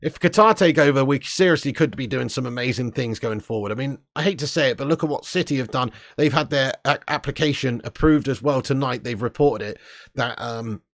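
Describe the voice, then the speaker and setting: A man's voice: medium pitch, a little fast, fairly bright tone, no room sound, studio quality. A man hosting a casual live stream, chatting and laughing as he reads viewer comments aloud. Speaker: live stream host reading chat.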